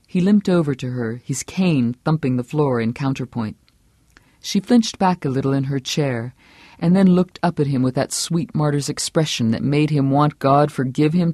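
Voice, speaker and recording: An audiobook narrator reading a novel with steady, measured storytelling. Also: medium pitch, no room sound, clean studio sound. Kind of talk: scripted narration.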